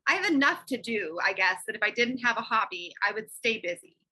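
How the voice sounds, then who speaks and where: A woman's voice: fairly high pitch, expressive, a little fast, bright, forceful tone, slightly rough, rough recording. A woman co-hosting a casual chat about cross-stitch, chatty and enthusiastic, laughing often. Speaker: co-host.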